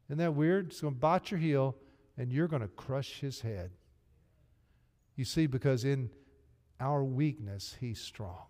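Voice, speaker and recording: A man's voice: on the high side, a little slow, mellow. A man with a Southern US accent preaching a sermon to his congregation, in an earnest, direct manner. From Arkansas. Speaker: pastor. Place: church sanctuary. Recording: long hall reverb, faint music. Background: faint music.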